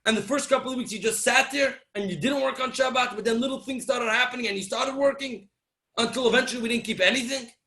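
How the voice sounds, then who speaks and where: Male rabbi, animated sermon storyteller, high and bright tone, acts out dialogue. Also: fast. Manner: animated storyteller acting out dialogue, swings between loud and soft. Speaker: rabbi giving a Torah talk.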